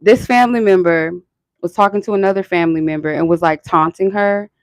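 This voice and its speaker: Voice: medium pitch, fairly quick, no room sound. A channel host talking in a casual, rambling and profane way, full of "like" and laughter. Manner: frequent filler "like" and laughter. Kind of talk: casual chat.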